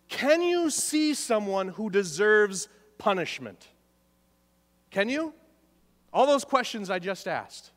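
A pastor delivers a sermon in a light, high-pitched male voice. He is emphatic, circling back to key phrases and questioning the congregation directly. The sound carries a long, lingering reverb from the church sanctuary. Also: fairly bright tone.

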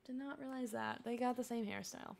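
A woman's voice: on the high side, a little fast, gravelly, darkish tone, a little hiss or hum. A young woman streaming a life-sim game, chatting and coaxing her characters along with frequent laughs. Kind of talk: casual gameplay commentary.

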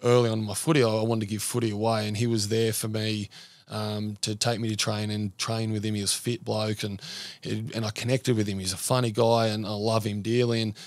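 A man's voice: fairly low pitch, little pitch movement, fairly quick, no room sound. An Australian man talking earnestly as a podcast guest, rambling through stories with lots of fillers. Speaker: podcast guest, men's mental health support worker. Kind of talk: casual conversational interview.

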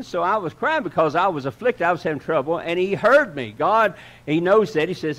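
With lively intonation and a brisk pace, a male pastor delivers a heartfelt sermon. He alternates forceful declarations with quiet, low passages and calls his audience "dear friend."

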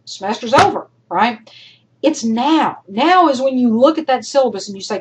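A woman college instructor recording feedback for her class, emphatic and encouraging, talking straight to her students, her voice worn and going hoarse. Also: fairly high pitch, expressive, normal speed, noisy background.

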